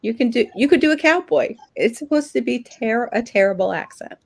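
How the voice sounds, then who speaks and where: A woman's voice: fairly high pitch, animated, brisk, creaky, a little mellow. A middle-aged woman co-hosting a livestream, chatting casually with rambling asides and frequent laughs. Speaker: livestream co-host. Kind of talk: casual chat.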